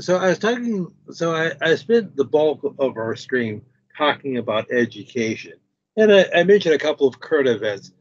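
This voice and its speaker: A man's voice: mid-range voice, slightly rough, dull audio. A man hosting a stream, chatting casually and retelling a story with other people's words. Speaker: stream host. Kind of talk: casual conversation.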